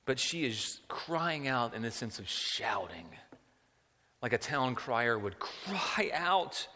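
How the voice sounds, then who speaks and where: A man preaching a sermon in an animated way, asking rhetorical questions and often repeating words. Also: medium pitch, slow pace. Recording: long hall reverb.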